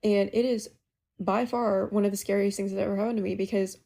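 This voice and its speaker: A young woman casually telling a ghost story she lived through, in a chatty, animated way. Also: medium pitch, fairly quick, vocal fry. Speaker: caller sharing a ghost story.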